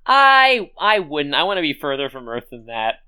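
A podcast co-host in casual chat about an anime series, excitable and freely profane. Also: mid-range voice, fairly quick, clean tone. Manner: animated, excitable, swears freely.

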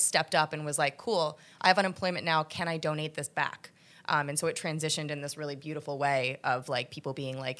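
A woman guest chatting casually in an interview, animated, laughing often and full of fillers. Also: low voice. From United States. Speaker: podcast guest.

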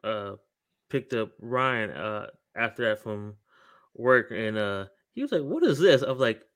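Easygoing young man, halting storyteller. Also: lowish voice, fairly bright tone, smooth, no echo, clean studio sound. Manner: easygoing, halting restarts when telling stories. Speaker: podcast co-host. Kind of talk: casual chat.

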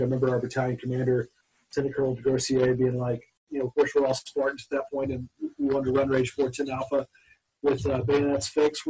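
A man's voice: mid-range voice, a little mellow, breathy edge, recorded from a distance, rough recording. A man, a former Marine officer, recounting deployment memories as a guest, rambling with lots of "uh" restarts. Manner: rambling, hesitant, with many "uh" restarts. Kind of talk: interview storytelling.

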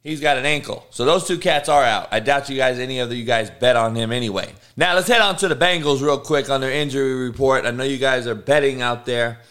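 A man's voice: medium pitch, a little fast, few pauses, a bit bright. A man hosting a sports betting show, reading injury news in a casual, offhand way with frequent swearing. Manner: profane, offhand, reads news aloud.

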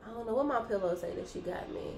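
A woman's voice: a little high, animated, fast talker, darkish tone. Hesitant young woman in an echoey, noisy room. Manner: hesitant, thinking aloud with many fillers. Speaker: podcast co-host. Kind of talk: casual chat. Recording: echoey room with clear background noise.

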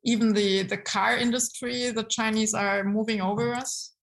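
A woman's voice: on the high side, moderate pace, gravelly, rough recording. Woman telling business stories. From Germany. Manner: lively storytelling with frequent um and restarts. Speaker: guest, brand consultant. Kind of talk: casual interview talk.

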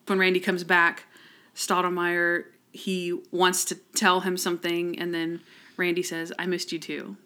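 A woman's voice: fairly low pitch, flat delivery, measured pace, bright, forceful tone. Chatty woman podcast co-host. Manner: chatty, acts out characters' lines with fillers like "like". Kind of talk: casual chat about a TV episode.

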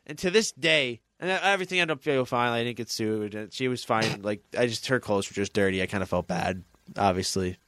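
A man's voice: fairly low pitch, a little fast, a bit bright, dry recording. A young man hosting a podcast, telling a long rambling story in casual chat with many restarts. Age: young adult. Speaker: podcast host.

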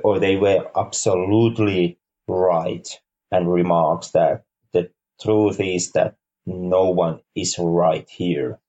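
A man co-hosting a podcast, reviewing a film in casual chat, halting and repeating words, with dry dark humor. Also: sits low, fairly even intonation, highs cut off. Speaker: podcast co-host.

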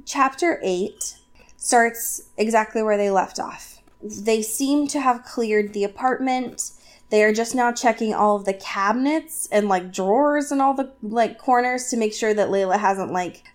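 A woman co-hosting a casual podcast, recapping a novel chapter with lots of fillers and quick asides. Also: mid-range voice. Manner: chatty, filler-heavy, acts out characters in quick asides. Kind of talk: casual chat.

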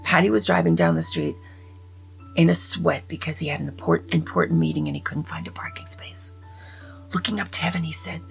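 A woman's voice: sits low, animated, fairly quick, vocal fry, rough recording. A woman casually reading jokes aloud, chatting between them and often dropping to a whisper, with faint music behind. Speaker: joke reader. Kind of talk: casual joke telling.

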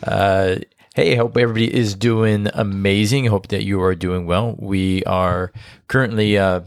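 Deep-voiced man co-hosting a podcast. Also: steady tone, a little slow, vocal fry, smooth, no echo, clean studio sound. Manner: chatty, rambling with fillers and restarts. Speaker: podcast co-host. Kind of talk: casual chat. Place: indoors near the beach.

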